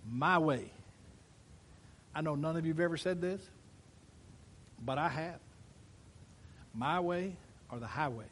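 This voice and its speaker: A pastor preaching a sermon, swinging between loud emphatic declarations and quiet asides while addressing his congregation in church. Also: on the high side, measured pace, long pauses, a little hiss or hum.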